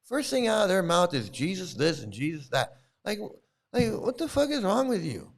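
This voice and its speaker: Middle-aged male host, profane and confrontational, fairly high voice with big, lively pitch swings. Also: normal speed. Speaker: YouTube channel host. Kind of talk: profane live-stream rant.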